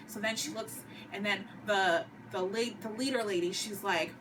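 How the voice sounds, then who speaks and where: A woman's voice: medium pitch, normal speed, hardly any pauses, recorded from a distance, noisy background. A woman vlogger giving a dramatic casual recap of a TV episode, acting out the characters' lines. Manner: dramatic storyteller who acts out lines. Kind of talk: animated casual recap with acted quotes.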